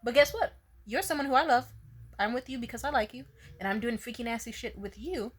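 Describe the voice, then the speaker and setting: A woman's voice: a little high, fairly quick, husky. A young woman telling a story to camera in a blunt, profane, casual way, often laughing. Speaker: vlogger.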